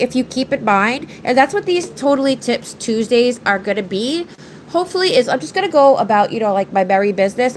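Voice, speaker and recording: A woman's voice: fairly high pitch, a little hiss or hum, poor audio. Congested, chatty woman livestreaming. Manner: chatty, rambling, talks to viewers and her pets. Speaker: nail art livestreamer. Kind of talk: casual livestream chat while doing nails.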